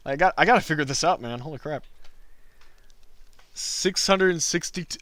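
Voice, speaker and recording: A man's voice: on the high side, normal speed, fairly bright tone, dry recording. A man hosting a drawing livestream, chatting casually with his viewers and often laughing. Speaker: livestream host, cartoonist. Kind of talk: casual chat while drawing.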